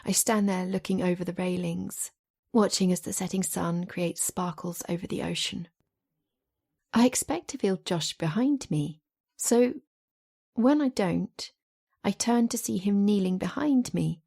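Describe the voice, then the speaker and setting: Husky woman narrating a romance novel. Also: medium pitch, unhurried, a little mellow. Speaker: audiobook narrator. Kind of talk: first-person romance audiobook narration.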